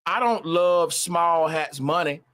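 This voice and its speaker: A man's voice: a little high, takes it slowly, a bit bright. A man on a livestream, ranting emphatically with a lot of profanity and repetition. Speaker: live streamer. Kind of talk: casual livestream rant.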